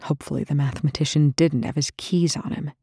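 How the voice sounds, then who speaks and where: A narrator reading a tense story aloud in a steady, dry storytelling manner. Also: medium pitch, quick pace, slightly rough, no room sound. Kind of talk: scripted narration.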